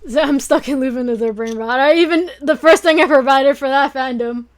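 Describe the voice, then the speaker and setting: A young woman with a notably high voice chats casually on a late-night stream. She rambles from one thought to the next, giggling and gushing with excitable energy as she talks to her viewers. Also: a little fast.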